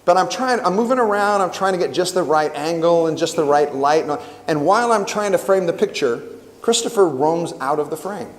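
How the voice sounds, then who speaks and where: A middle-aged man giving a storytelling sermon as a camp worship speaker, animated and acting out the quotes. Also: on the high side, fairly quick. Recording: long hall reverb.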